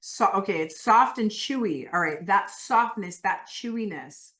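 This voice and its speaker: A woman leading a live online coaching session, talking slowly and emphatically through guided phrases, with lively bursts. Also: medium pitch. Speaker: workshop leader.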